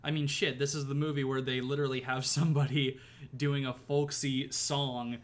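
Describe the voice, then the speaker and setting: A man co-hosting a podcast, chatting casually about a movie, animated and laughing often, with some swearing. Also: medium pitch, normal speed. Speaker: podcast co-host. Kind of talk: casual movie review chat.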